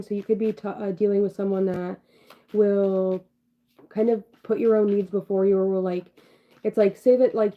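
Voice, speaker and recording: A young woman doing a casual tarot reading livestream, rambling, full of fillers and swearing offhandedly. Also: mid-range voice. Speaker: tarot reader. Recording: dull lo-fi sound.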